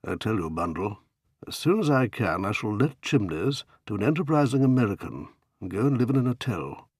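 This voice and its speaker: A man's voice: lowish voice, sing-song, a little fast, slightly rough, no echo, clean studio sound. A man doing a sighing, weary old lord. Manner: sighing, mournful murmur. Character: weary elderly English lord, sighing and gloomy.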